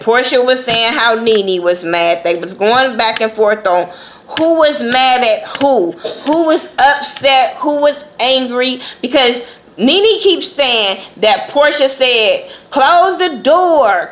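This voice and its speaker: A woman with a somewhat high voice gives her blunt take on a TV episode, swearing freely. She talks in a casual, loose vlog style, acting out what others said. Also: a bit bright. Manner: blunt and profane, acts out quotes. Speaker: TV episode reviewer.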